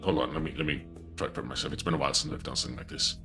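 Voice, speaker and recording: A man's voice: extremely low pitch, steady tone, rapid-fire, creaky, sharp tone, faint music behind. A man streaming a video game, rambling and joking through casual commentary. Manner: jokey, rambling, self-interrupting. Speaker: gameplay streamer.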